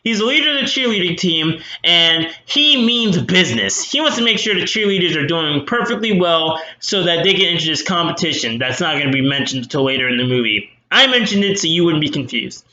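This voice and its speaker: A man's voice: on the high side, expressive, a little fast, few pauses, pushed and bright, dull audio. A young man recapping a movie in a snarky, rambling way with many fillers. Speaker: movie reviewer. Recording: roomy echo.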